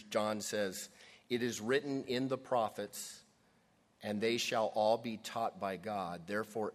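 A man preaching a sermon, moving between loud emphatic lines and quiet, hushed passages. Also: lowish voice. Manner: dynamic, swings from loud emphasis to hushed near-whisper. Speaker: pastor.

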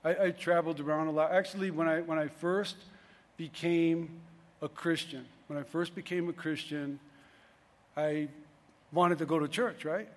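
A man's voice: on the high side, steady tone, moderate pace, big-room sound. A middle-aged man preaching a sermon in a loose, conversational way, often restarting his sentences. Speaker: pastor.

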